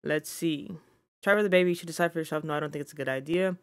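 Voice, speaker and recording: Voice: mid-range voice, steady tone, racing, smooth, no room sound. A gaming channel host giving casual let's-play commentary, scolding the game characters and reading on-screen text aloud. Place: home recording setup.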